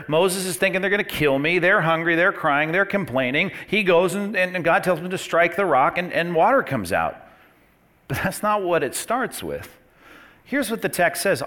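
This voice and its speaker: A middle-aged man preaching from the pulpit with a lively, swinging pitch that dips low and soft before rising to emphatic high points. His tone stays conversational, like a pastor talking straight to his congregation. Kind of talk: sermon. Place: church.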